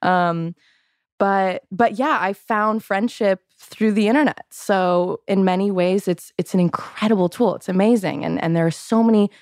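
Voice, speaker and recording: A woman's voice: medium pitch, moderate pace, darkish tone, no echo, clean studio sound. A woman in her twenties from Illinois, a podcast guest talking in a thoughtful, chatty way. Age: 20s. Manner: thoughtful, hedging with fillers. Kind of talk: casual podcast chat.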